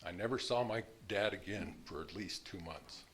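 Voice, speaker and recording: A man's voice: low-pitched, normal speed, fairly bright tone, slight background noise. A man in his sixties telling his own story in a blunt, plain-spoken way, now and then laughing at his past. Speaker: speaker sharing his recovery story. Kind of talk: personal storytelling.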